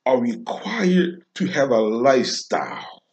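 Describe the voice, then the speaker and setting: A man delivering an informal devotional sermon, slow and emphatic, repeating phrases with long pauses. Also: mid-range voice, sing-song, darkish tone. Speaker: preacher.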